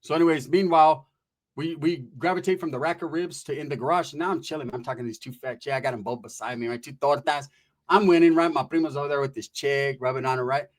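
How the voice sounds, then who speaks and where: A man rattles through a crude, profane comic story at a rapid clip. His voice sits somewhat high. He slips into the voices of the people he quotes.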